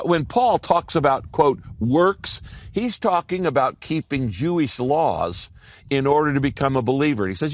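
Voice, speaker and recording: A man's voice: on the high side, no room sound, clean studio sound. A man preaching a sermon as pastor, emphatic, repeating key phrases for his congregation.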